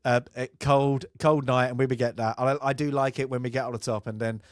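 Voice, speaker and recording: Man, casual film chat, rambling, laughs often, mid pitch. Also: steady tone, a little fast, dry recording, clean studio sound. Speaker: podcast co-host.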